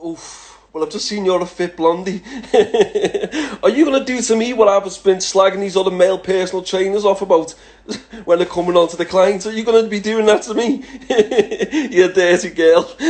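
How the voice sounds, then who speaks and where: Pitched high with a darkish, steady tone, the voice is brisk. It's an English man in his thirties chatting casually as a social media personality answering followers, blunt, profane, and fond of calling people lad.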